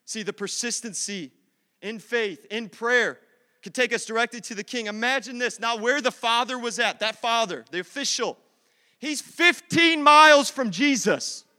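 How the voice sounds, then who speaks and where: Fervent male pastor, very high voice, sermon in a reverberant church. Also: moderate pace, sharp tone. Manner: fervent, conversational, repetitive emphasis. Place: church sanctuary. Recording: long church-hall reverb.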